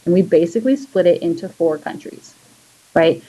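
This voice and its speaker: A woman teacher giving a casual history lesson, chatty and relaxed, using lots of fillers as she draws and explains. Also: lowish voice, normal speed, a little hiss or hum, low-quality recording. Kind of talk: casual classroom lecture.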